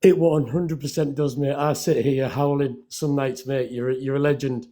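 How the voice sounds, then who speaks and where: A man calling in to a live show, friendly and halting, currently ill. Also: medium pitch, fairly even intonation, dark tone. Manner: halting, friendly, calls everyone mate. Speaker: caller.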